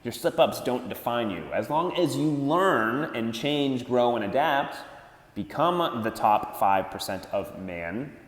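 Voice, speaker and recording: A man rants dating advice in a blunt, profane way, with a lot of swearing. His voice swings widely in pitch as he drives his points home. The room is roomy, with a long reverb trailing behind him. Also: measured pace. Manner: blunt and swearing, animated, mocks others in put-on voices. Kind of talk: profane ranting advice monologue.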